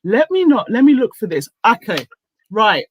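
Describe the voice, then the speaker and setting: A woman hosting a casual online talk show, speaking deliberately and reading out her own posts with emphasis. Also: fairly high pitch, big pitch swings, husky, poor audio. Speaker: host.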